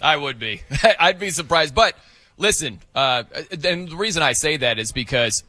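A man's voice: a little high, expressive, normal speed, pushed and bright, dry recording. A man hosting a sports radio show in a jokey, playful way. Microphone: studio microphone.

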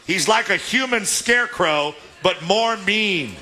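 A man's voice: high-pitched, lively intonation, slow pace, bright, forceful tone. A man from Southern California hosting a live sports radio remote from a restaurant, joking and often laughing. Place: restaurant, indoors public space.

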